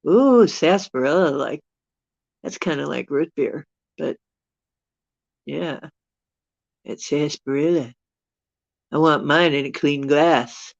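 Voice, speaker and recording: Allergy-stricken streamer host, rambly and chuckly, slow talker, muffled dry mic. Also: medium pitch, fairly even intonation, creaky, dry recording. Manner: rambling and chuckling, thinking aloud. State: dealing with allergies. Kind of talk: casual live-stream chat answering viewers. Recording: dull, dry lo-fi sound.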